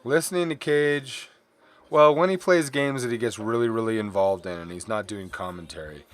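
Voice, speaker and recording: A man's voice: medium pitch, normal speed. A middle-aged man chatting casually and candidly while drawing on stream, rambling from topic to topic and apologizing for his swearing.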